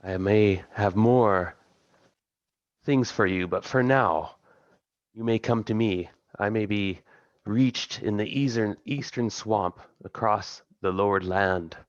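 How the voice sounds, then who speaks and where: Male GM voicing a slow, low goddess for a tabletop game, commanding and distant, dry lo-fi sound. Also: dry recording. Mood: imperious. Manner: slow, measured, imperious speech. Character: ancient female patron goddess, remote and commanding.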